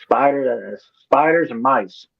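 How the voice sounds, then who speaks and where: Man, husky and halting, phone-quality audio. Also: mid-range voice. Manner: plain, halting talk. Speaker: podcast participant. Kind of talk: casual podcast chat. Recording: tinny phone-like line.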